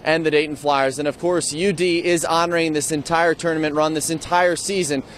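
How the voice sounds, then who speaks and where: A man reporting sports news for television with an upbeat, crisp delivery. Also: on the high side, steady tone, a little fast, slight background noise.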